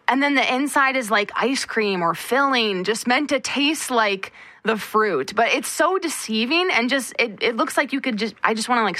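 A woman's voice: on the high side, sharp tone, no echo. A woman co-hosting a radio show, chatty and a bit hesitant in casual talk.

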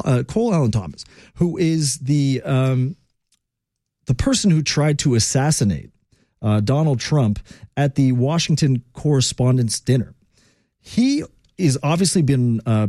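A male talk radio host rants in a lively, swooping voice that sits a little high. He talks casually and opinionatedly, with filler words. The sound is dry and close, like a studio. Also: dry recording. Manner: animated, ranting, conversational with fillers.

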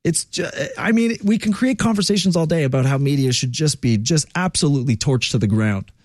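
A male talk radio host rants in a lively, swooping voice that sits a little high. He talks casually and opinionatedly, with filler words. The sound is dry and close, like a studio. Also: fairly quick, dry recording. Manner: animated, ranting, conversational with fillers.

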